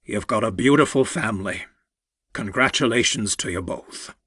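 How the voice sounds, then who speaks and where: Man reading as a proud old mentor guy, heartfelt and slow, dry close sound. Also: fairly low pitch, a bit bright, husky, no room sound, voice pushed down. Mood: tender. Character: older male mentor, proud and tender.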